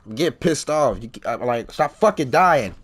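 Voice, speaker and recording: A man commentating his own gameplay, excitable, cursing and shouting at the game. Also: medium pitch, normal speed, slight background noise. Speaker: gameplay streamer. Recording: game music and sound effects behind the voice.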